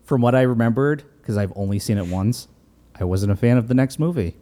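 A man in his thirties in a casual film review chat, earnestly weighing his points out loud as a podcast co-host. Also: medium pitch, brisk. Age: 30s.

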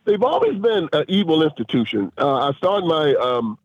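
A man's voice: a little high, very animated, normal speed, no room sound. A man being interviewed as a guest author and filmmaker, speaking emphatically and rising into preacher-like force. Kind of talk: interview over a phone line. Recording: tinny dry phone line.

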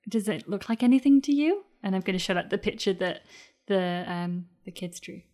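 Soft reassuring woman playing her character, mid voice. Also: mid-range voice, lively intonation, fairly quick. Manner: gentle, reassuring. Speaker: player. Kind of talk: in-character role-play.

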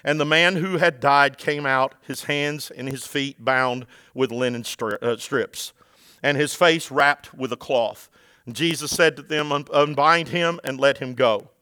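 A pastor who preaches a sermon, moving from loud, shouted passages to quiet scripture reading. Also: male voice, medium pitch, measured pace, clear, resonant tone, no room sound.

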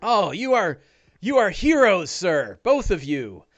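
A man voicing an older male farmer and retired adventurer, loud and effusively grateful. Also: sits high, very animated, slow pace, muffled recording, voice pushed up, heavily acted.

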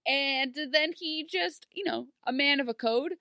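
Female podcast co-host, higher voice with a bright, sharp tone, playful and jokey. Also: unhurried, gravelly, no echo, clean studio sound. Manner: playful, acts out characters in silly voices. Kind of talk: casual chat recapping a TV episode.

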